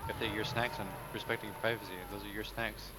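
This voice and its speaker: A man joking over voice chat in a casual game session, mumbling quickly and swearing freely. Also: on the low side, flat delivery. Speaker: friend in voice chat. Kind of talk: casual gaming banter. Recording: noisy voice-chat audio.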